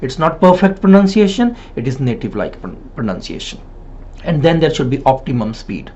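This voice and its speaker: With a warm, husky, sing-song mid-range voice, this man speaks a little fast. He's a PTE and IELTS trainer giving an exam-coaching lesson, emphatic like a Hindi-speaking coach, with repeated points and a habitual "right?" The lo-fi audio is a little dull.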